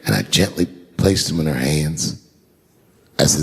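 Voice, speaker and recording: A man doing stand-up storytelling on stage into a handheld microphone, swinging from hushed asides to shouted punchlines. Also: a bass voice, expressive, a little slow, gravelly, pauses often, husky, big-room sound. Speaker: stand-up comedian. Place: live show on stage before a large audience.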